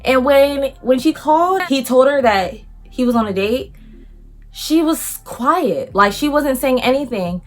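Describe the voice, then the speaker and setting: A woman vlogger telling a casual story in a lively way, acting out what other people said and using a lot of slang. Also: sits high, measured pace.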